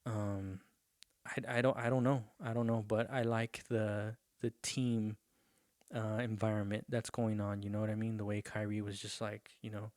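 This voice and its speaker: A man's voice: lowish voice, little pitch movement, normal speed, darkish tone, dry recording, clean studio sound. A young man hosting his own podcast, talking loosely and profanely with lots of fillers. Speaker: podcast host. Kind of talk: casual solo podcast rant.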